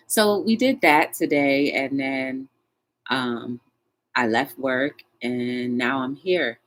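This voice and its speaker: A woman hosting a casual livestream talk show, greeting her viewers one by one in a chatty, animated way. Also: low voice, takes it slowly.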